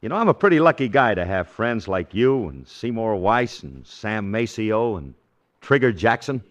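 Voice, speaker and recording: A man playing a breezy, smooth-talking schemer in a 1940s radio comedy, brash and wheedling with his pal. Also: fairly low pitch, big pitch swings, normal speed, highs cut off. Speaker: sitcom lead.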